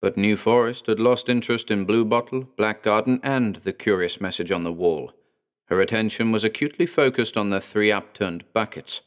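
A man reading a horror story aloud in a measured, deliberate storytelling manner. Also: on the low side. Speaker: narrator and author. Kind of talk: scripted horror narration.

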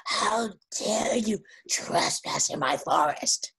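A woman's voice: mid-range voice, lively intonation, creaky, a bit bright, husky, exaggerated voice. A woman voicing a huge, ugly, mean male forest monster who drags out his threatening challenges. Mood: menacing. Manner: slow, menacing, drawn-out challenges.

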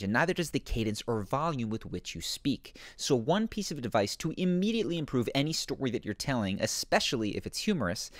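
Animated male voice-over narrator. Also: medium pitch, dry recording, studio quality. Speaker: host. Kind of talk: scripted narration.

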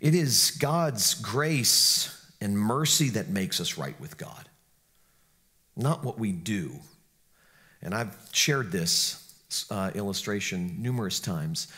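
A male pastor preaching a sermon in an earnest, emphatic manner, dropping to hushed tones and rising again. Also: deep voice.

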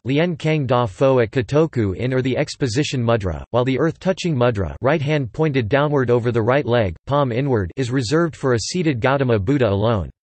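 Synthetic male reader, even machine delivery, mid pitch, dead-dry sound. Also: dry recording. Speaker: text-to-speech reader. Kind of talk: synthetic encyclopedia reading.

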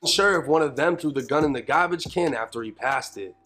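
A man giving a measured, matter-of-fact scripted narration for an investigative video. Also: fairly high pitch, fairly bright tone.

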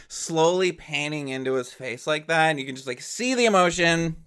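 Gushing, excitable man, higher voice. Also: moderate pace, hardly any pauses, clear, resonant tone. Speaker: reaction video host. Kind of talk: casual reaction commentary. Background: faint music.

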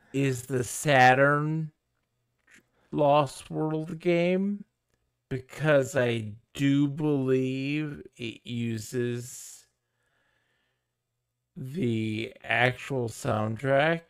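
A man's voice: medium pitch, drawn-out words, long pauses, clean tone, dry recording, clean studio sound. A man streaming games live, chatting casually to his viewers in a giggly, rambling way.

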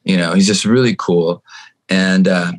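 A man from Canada, a guest musician on a podcast, telling a story with animated energy and acting out what other people said. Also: low voice, unhurried. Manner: animated, acts out other people's lines in shifting voices. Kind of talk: storytelling anecdote in a podcast chat.

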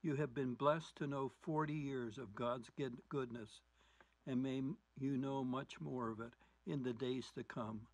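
A man's voice: medium pitch, fairly even intonation, a little slow, dry recording, low-quality recording. A man delivering a short blessing to a congregation, with a few small restarts. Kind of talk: recorded blessing message.

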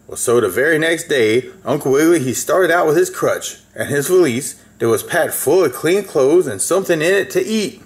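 A man's voice: a little high, lively intonation, moderate pace, hardly any pauses. A man reading a children's story aloud in a folksy way, with asides to the listener.

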